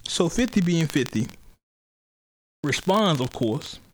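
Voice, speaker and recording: A man's voice: on the high side, lively intonation, slow, low-quality recording. A man hosting a podcast in casual chat, rambling and cursing, often laughing as he retells things. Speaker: podcast host.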